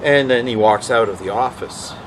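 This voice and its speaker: A man's voice: medium pitch, normal speed, slight background noise, rough recording. A man telling rambling anecdotes in a casual vlog, often acting out what others said. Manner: rambling, animated, quotes others in voices. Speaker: vlog host.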